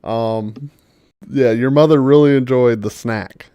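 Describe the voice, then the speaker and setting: A man's voice: mid-range voice, measured pace, clean tone, no echo, muffled recording. A man narrating as dungeon master, rambling through descriptions with many fillers and chuckles. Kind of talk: narrating a tabletop game.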